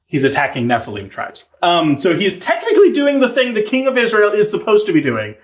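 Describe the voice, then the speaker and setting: Man, catechism teacher, casual retelling, chatty and informal, somewhat high voice. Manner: chatty, informal, animated with fillers. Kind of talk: casual storytelling lesson.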